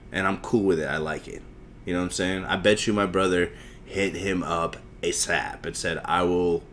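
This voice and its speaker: A man in his thirties rambles through a solo podcast, swearing casually and poking fun at himself. His voice sits on the low side, with faint background noise. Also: a bit bright. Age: 30s. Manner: profane, rambling, self-mocking. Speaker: podcast host.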